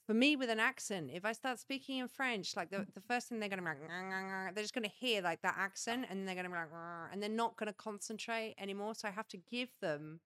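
A woman's voice: medium pitch, fast, no echo, studio quality. A woman comedian in a casual conversation, talking animatedly and swearing now and then. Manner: animated, swearing, laughs often. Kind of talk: casual chat.

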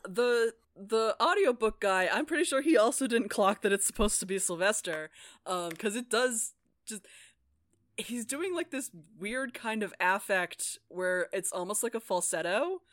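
A woman's voice: medium pitch, animated, measured pace, a bit bright, no room sound. A woman co-hosting a podcast, talking in a casual, rambling way about a book, laughing often and swearing freely. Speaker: podcast co-host. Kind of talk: casual book club chat.

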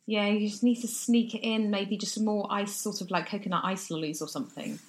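A woman's voice: mid-range voice, brisk, a crowd in the background. Chatty woman telling a story. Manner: animated storyteller, acts out quoted voices, restarts. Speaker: podcast co-host. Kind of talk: casual chat, storytelling.

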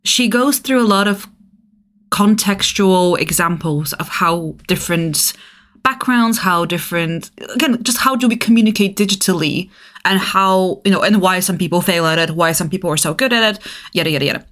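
A woman's voice: on the low side, moderate pace, a bit bright. A woman co-hosting a podcast in casual chat, a non-native English speaker who laughs often and restarts her sentences. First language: not English. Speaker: podcast co-host. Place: northeast England.

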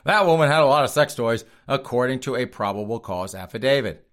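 A man's voice: mid-range voice, animated, brisk, fairly bright tone. A man hosting a comedic news show, reading stories and joking about them while addressing his audience directly.

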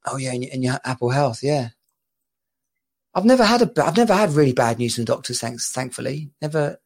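A man's voice: mid-range voice, animated, fairly quick. A man co-hosting a podcast, telling an anecdote in casual chat, laughing often and repeating himself. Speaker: podcast co-host.

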